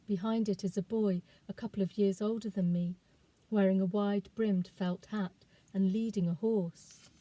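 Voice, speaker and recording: A woman, a children's author, reading aloud from her novel in a calm, expressive storytelling voice. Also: mid-range voice, normal speed, no echo, low-quality recording.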